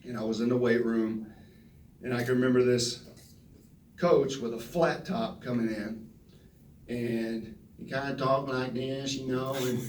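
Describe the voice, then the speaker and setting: A man, telling folksy, animated stories at a press conference and acting out the quotes. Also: mid-range voice, unhurried, pauses often, slight background noise. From Texas. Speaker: retiring football player at press conference. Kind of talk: storytelling speech. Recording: roomy echo from a distant mic.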